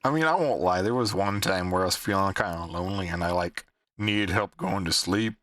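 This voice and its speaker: Brief: male stream host, bright lowish voice, dry close sound, laughs a lot, loose and teasing. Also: brisk, no room sound. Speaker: livestream host. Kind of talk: casual chat.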